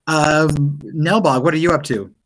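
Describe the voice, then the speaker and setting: A man narrating scenes as game master of a tabletop game, in a relaxed storytelling manner full of fillers. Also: on the high side, poor audio.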